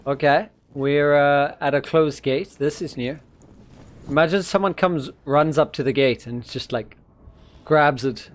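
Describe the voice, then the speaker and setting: Excitable man commenting on a game. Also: a little high, a little slow. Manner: excitable, jokey. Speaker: gamer. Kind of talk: casual gameplay commentary.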